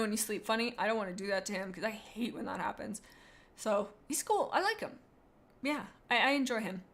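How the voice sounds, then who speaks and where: A young adult woman streaming, chatting casually in a rambling, excitable way as she gushes about cute animals. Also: medium pitch. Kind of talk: casual livestream chat.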